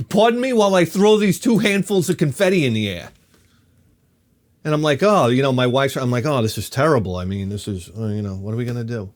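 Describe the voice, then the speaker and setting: A man in his fifties spins a loose, comic personal story for his vlog. He talks in an animated, offhand way, swears freely and keeps jumping between tangents. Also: mid-range voice, moderate pace, long pauses. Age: 50s. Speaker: vlogger.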